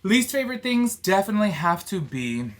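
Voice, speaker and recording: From a cruise ship cabin, a Georgia-born vlogger rambles loosely about his cruise, full of fillers and asides. His high, sing-song voice moves fairly quickly over slight background noise.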